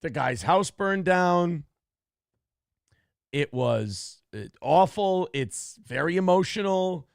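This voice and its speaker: A man's voice: sits high, animated, slow pace, creaky, dry recording, clean studio sound. A man hosting a morning show, riffing on a news clip in a crude, profane, mocking rant. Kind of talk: comedic commentary on a news clip.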